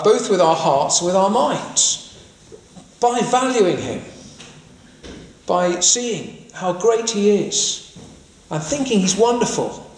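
Lively, high-pitched preacher in an echoey hall. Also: male voice. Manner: questioning, earnest, emphatic rises. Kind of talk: sermon. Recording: echoey hall with long reverb.

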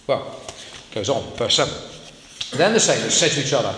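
A man's voice: mid-range voice, lively intonation, moderate pace, pauses often, sharp tone. A man preaching a sermon to a congregation, talking in a conversational way and putting questions to his listeners. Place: church hall. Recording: echoey hall, faint ambience.

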